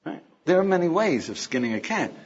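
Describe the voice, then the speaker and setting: A fairly quick, husky, high-leaning voice belongs to an older man, a rabbi, running an informal class. He animatedly asks his students questions and dramatizes quotes. The lecture is captured in a dull, lo-fi recording.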